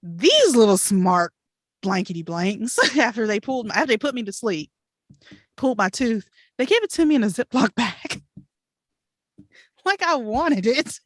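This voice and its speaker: A woman co-hosting a podcast, telling a story in an animated, chatty way with laughs and fillers. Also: a little high, normal speed, long pauses, no echo, studio quality. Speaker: podcast co-host. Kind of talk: casual storytelling chat.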